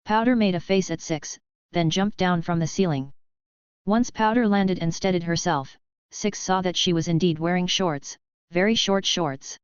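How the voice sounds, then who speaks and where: A woman narrating a novel aloud in an even, steady reading voice. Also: lowish voice, normal speed, smooth, dry recording, lo-fi sound. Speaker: audiobook narrator. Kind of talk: scripted narration.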